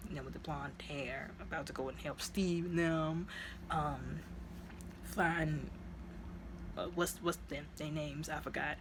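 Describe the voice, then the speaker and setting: Lower-voiced woman yapping through a movie recap, rambly, whispers the sad bits, faint hum behind. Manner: chatty and rambling, acts out quotes with dramatic whispers. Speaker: movie reviewer. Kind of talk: casual spoken movie recap.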